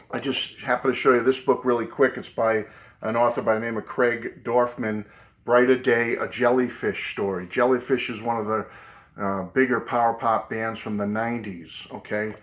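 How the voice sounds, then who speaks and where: A New England man with a Boston accent hosts a casual video lesson in a lowish, fairly even voice at normal speed, slightly bright in tone. He's chatty and keeps repeating "okay" and "great book."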